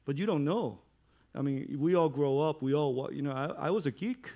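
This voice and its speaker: A middle-aged male pastor giving a sermon in a conversational way, building to loud, emphatic stretches. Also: on the high side, moderate pace.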